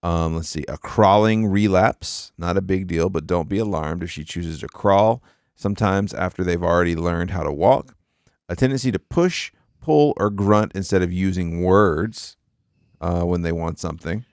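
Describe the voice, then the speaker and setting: A man in his thirties co-hosting a podcast, reading parenting notes aloud and commenting in a relaxed way. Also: low-pitched, normal speed, smooth, no room sound, clean studio sound. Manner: relaxed, reads passages then comments. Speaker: podcast co-host.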